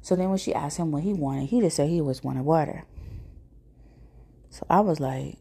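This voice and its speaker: A woman with a low, husky voice recounts a story in a loose, chatty podcast style, full of slang. Her tone is dark and mellow, with a gravelly edge. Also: moderate pace. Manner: chatty, slangy, animated retelling with quoted dialogue. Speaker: podcast host. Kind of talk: casual storytelling.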